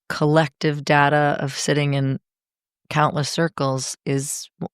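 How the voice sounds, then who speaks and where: A middle-aged woman talking as a podcast guest in a heartfelt, expressive, emphatic way. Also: very deep voice, no echo, clean studio sound. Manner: expressive, emphatic, speeds up when enthused. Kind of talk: heartfelt conversation.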